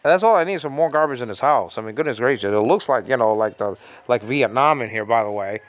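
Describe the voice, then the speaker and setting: Speaking quickly with lively intonation in a mid-range voice, an American man rants at home in a small room. His casual monologue is exasperated and repetitive, studded with fillers and restarts.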